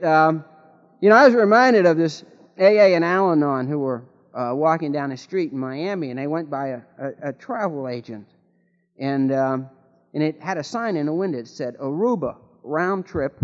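A man with a slightly high voice tells folksy jokes to a recovery meeting, stumbling over restarts as he goes. His voice rings through a large hall with a long tail of reverb, and the recording sounds muffled and dull. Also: lively intonation, moderate pace. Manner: rambling with many restarts, folksy joke-telling.

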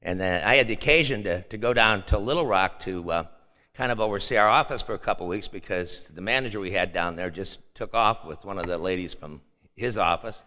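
An older man shares rambling personal stories at a meeting, repeating himself in a folksy way. His voice is bright and forceful, and it rings with a long reverb from the hall. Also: deep voice, brisk. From Chicago. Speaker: speaker sharing at a meeting.

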